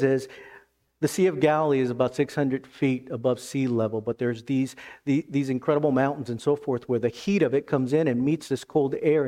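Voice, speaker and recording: A man preaching a sermon as pastor, emphatic, then dropping to hushed tones. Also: mid-range voice.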